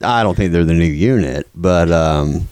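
A man's voice: sits low, moderate pace, darkish tone, clean tone, no room sound, rough recording. A man co-hosting a podcast in casual chat, rambling with lots of fillers and restarts, chuckling often. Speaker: podcast co-host.

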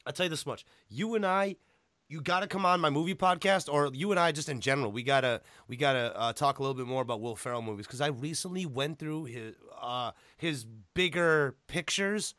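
A man hosting a podcast in casual chat, excitable and joking, swearing freely. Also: a little high, brisk, no echo, clean studio sound. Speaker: podcast host.

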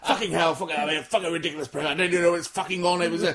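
A man co-hosting a comedy podcast, telling stories in a lively, sweary way and acting out other people's lines. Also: fairly high pitch, racing, a loud crowd. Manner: animated storyteller, swears a lot, acts out quotes. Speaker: podcast co-host. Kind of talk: casual comedic chat.

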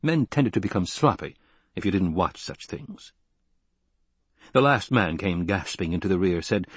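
Male narrator, husky, mid-pitched, dry close sound, steady audiobook read. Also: normal speed, long pauses, no room sound. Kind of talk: scripted narration.

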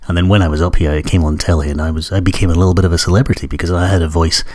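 A man in his thirties with a Scottish accent that slips now and then into hints of Newcastle. He talks quickly in a low voice. He hosts his podcast in a loose, rambling, self-deprecating way, full of ums and uhs. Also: fairly even intonation, darkish tone. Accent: Scottish with traces of Newcastle. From Scotland. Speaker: podcast host. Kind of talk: casual rambling monologue.

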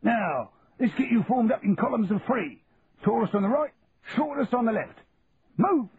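A man shouting as a barking army sergeant major. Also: very high-pitched, animated, moderate pace, voice pushed up. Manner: shouted commands. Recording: narrow phone-like sound, faint hiss.

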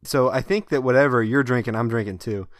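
A man's voice: medium pitch, a little fast, no echo, clean studio sound. A man co-hosting a casual beer-tasting podcast, thinking aloud with hesitant fillers. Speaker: podcast co-host.

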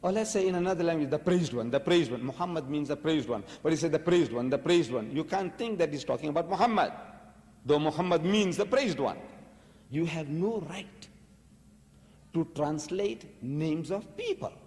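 A man delivers a religious lecture in a fairly high voice, pressing his points with pointed rhetorical questions. His words ring out with the long reverb of a large hall. He speaks to a live audience. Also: animated, moderate pace, a little mellow.

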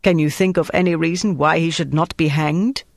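A man's voice: on the high side, steady tone, normal speed, vocal fry, dry recording, studio quality. A man narrating a novel voices a cold, menacing male German officer in a clipped, commanding tone.

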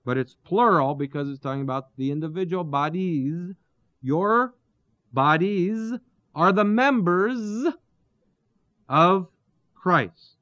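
Slow, deliberate male Bible teacher. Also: sits high, expressive, no echo. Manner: deliberate, explains terms, asks rhetorical questions. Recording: dull, lo-fi dry recording.

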